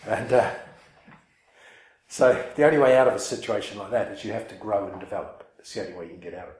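A man tells a personal story in a loose, rambling way and pokes fun at himself as he goes. His voice sits low. The room around him is echoey. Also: fast talker, darkish tone. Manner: rambling, self-mocking, many fillers and restarts. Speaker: speaker telling a personal story to listeners. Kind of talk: casual storytelling talk.

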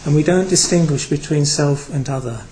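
A man's voice: fairly high pitch, moderate pace, mellow, poor audio. A man from Britain giving a Buddhist talk to a group, reflective and hesitant, with many fillers. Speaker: Buddhist teacher.

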